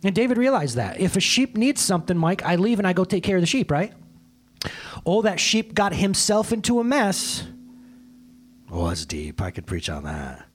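A man with a slightly husky, fairly high voice preaches a sermon in a loose, joking, conversational way. His pitch swings widely, from bright peaks down to sudden hushed drops. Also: sing-song, normal speed. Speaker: pastor.

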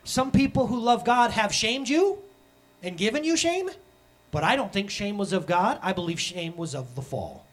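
A man in his thirties preaching a sermon as pastor, animated and acting out the voices he quotes. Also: high voice, normal speed.

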